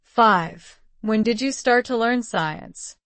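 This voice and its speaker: A woman reading out model exam answers in an even, polished, measured way. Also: a little high, dry recording. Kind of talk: scripted reading of sample answers.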